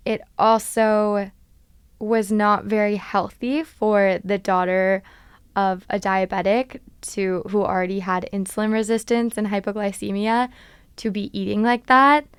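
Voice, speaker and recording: A woman's voice: mid-range voice, clean tone, dry recording, clean studio sound. A woman in her twenties hosting a podcast, talking candidly about her past and laughing at herself. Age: 20s. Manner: animated, confessional, laughs at herself. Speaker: podcast host. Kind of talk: candid solo podcast talk.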